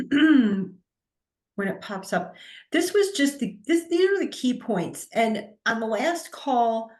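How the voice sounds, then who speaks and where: Woman explaining things on a call. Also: fairly high pitch. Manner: explanatory, with repeated restarts. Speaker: guest finance expert. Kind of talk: casual video call discussion. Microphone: video call.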